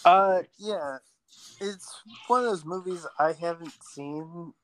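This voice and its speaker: A man's voice: on the high side, takes it slowly, a bit bright, no room sound. A man chatting casually about a movie, rambling with lots of "like".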